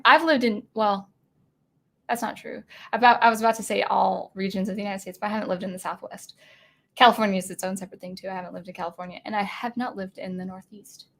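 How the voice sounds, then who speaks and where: A woman's voice: mid-range voice, steady tone, fast talker, creaky. A young woman from Washington state hosting a casual livestream, chatting in a rambling way with many fillers and restarts. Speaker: livestream host.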